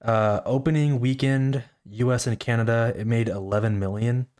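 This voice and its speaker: A man's voice: medium pitch, fairly even intonation, normal speed, darkish tone. A man co-hosting a podcast in casual chat, easygoing and thinking aloud as he goes. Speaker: podcast co-host.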